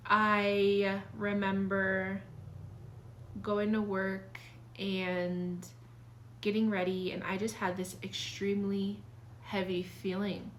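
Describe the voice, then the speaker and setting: A woman's voice: medium pitch, little pitch movement, slow, fairly bright tone, slight background noise. Earnest young woman sharing her story. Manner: earnest and confiding, many fillers and restarts. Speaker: vlogger sharing life advice. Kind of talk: casual personal talk.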